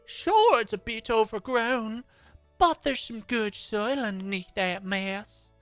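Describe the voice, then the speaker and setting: A man voicing a friendly adult farm woman in a video game, in a high, sing-song voice. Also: animated, slow, a bit bright, no echo, faint music behind, heavily acted. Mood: cheerful.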